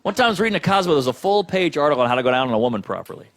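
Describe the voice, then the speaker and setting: A man's voice: on the high side, animated, racing. A man doing a stand-up comedy routine on a club stage, brash and profane with punchy delivery, laughter from the audience. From United States. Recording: noisy live club recording.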